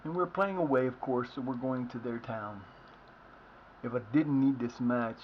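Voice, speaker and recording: A man chats casually through a live game stream, rambling and restarting his sentences as he thinks aloud. His pitch sits in the ordinary middle range. The audio is a little dull, with a faint hiss underneath. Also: normal speed. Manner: rambling, many restarts and fillers. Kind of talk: casual live gameplay commentary.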